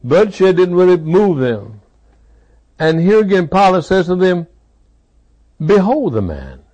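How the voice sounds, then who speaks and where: Male preacher, high voice, slow and dramatic, repeats lines for emphasis. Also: a little mellow, dull audio. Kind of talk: sermon.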